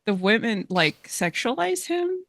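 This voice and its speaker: A podcast host on a video call, chatting casually in a relaxed, conversational way. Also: medium pitch, measured pace, creaky, no echo. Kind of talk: casual chat.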